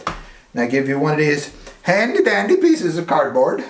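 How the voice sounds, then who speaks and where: A man hosting a playful children's science demonstration, teasing his assistant with big swings of pitch. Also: huge pitch swings, normal speed. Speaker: children's science show host. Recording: echoey room.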